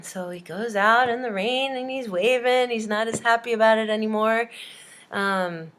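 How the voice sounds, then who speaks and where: A woman teacher from Hawaii telling a long, silly story in an animated, chatty way. She fills her pauses with "um" and "uh" and talks to her listeners with easy, mid-pitched warmth in her delivery. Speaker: language teacher. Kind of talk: storytelling to students.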